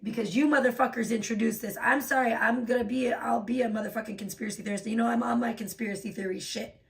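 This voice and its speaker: A woman's voice: steady tone, fast, gravelly. Profane, ranting woman livestreamer. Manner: profane, ranting, swings from low tired talk to loud outbursts. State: recovering from a sore throat. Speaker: livestream host. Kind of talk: casual livestream chat reading donations.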